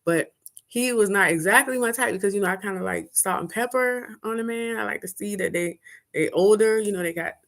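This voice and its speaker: A woman's voice: fairly quick, creaky. A middle-aged woman telling a personal dating story casually, candid and profane. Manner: candid and profane, with animated high-pitched quoting.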